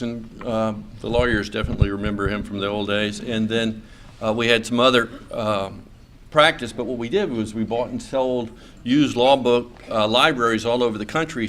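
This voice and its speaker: Man, middle-aged, from Louisiana, folksy club speech, halting with fillers, joking. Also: mid-range voice, a bit bright, a little hiss or hum. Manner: folksy, hesitant with many fillers and restarts, joking. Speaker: state senator giving a speech. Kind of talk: after-lunch club speech. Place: club meeting room.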